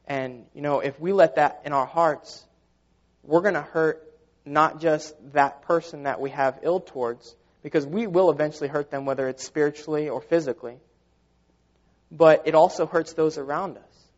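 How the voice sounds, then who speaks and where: A man with a fairly high, steady voice preaches a sermon at a moderate pace, earnest and conversational, often saying "you know." The recording sounds dull and lo-fi.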